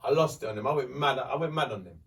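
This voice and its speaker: A man, hosting a podcast and telling a story in a lively, profane way. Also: mid-range voice, fast, far from the mic. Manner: animated, swearing, acts out voices in his story. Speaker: podcast host. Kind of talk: casual storytelling.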